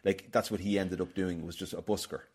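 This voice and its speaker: A man's voice: low-pitched, steady tone, a little fast, darkish tone, slightly rough. An Irish man hosting a casual film podcast, rambling and telling stories with lots of restarts. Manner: chatty, rambling, storytelling with many restarts. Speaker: podcast host.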